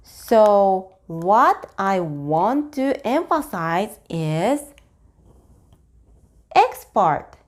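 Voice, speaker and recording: A woman with a Japanese accent teaching a language lesson, speaking very slowly and deliberately and breaking sentences into pieces. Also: medium pitch, sing-song. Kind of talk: slow, clear online language lesson.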